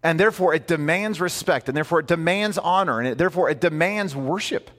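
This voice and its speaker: A man preaching a sermon in a conversational, animated way, full of asides and rhetorical questions. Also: on the high side, quick pace, in a large hall. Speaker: pastor.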